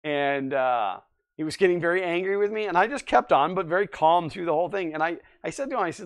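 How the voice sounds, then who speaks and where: Forty-something guy rambling on a live stream, kinda high voice, smooth and clear. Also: lively intonation, fast talker. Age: 40s. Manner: rambling, chatty, reads and answers chat. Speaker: livestream host. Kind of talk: casual live-stream chat.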